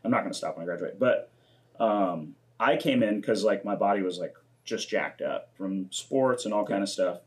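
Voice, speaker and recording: A man's voice: on the low side, moderate pace. A man in his twenties hosting a podcast, chatting casually, swearing often and acting out quotes. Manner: laid-back, swears often, acts out quotes. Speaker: podcast host.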